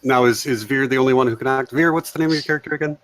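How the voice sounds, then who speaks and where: A young man playing a tabletop game, halting and repeating himself as he works out the rules. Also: mid-range voice, a bit bright, slight background noise. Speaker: player. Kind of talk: casual tabletop game chat.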